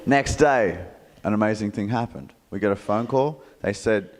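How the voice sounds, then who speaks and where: A man's voice: lowish voice, normal speed, a little hiss or hum. A man with an Australian accent telling a jokey story to a live audience, acting out the voices of the people in it. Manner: animated, jokey, acts out quoted voices. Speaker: motivational speaker. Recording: reverberant hall.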